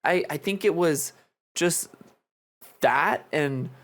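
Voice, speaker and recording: A man's voice: a little high, slow pace. A man in his twenties, a podcast co-host, chatting casually in a loose, rambling way with frequent swearing. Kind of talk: casual chat.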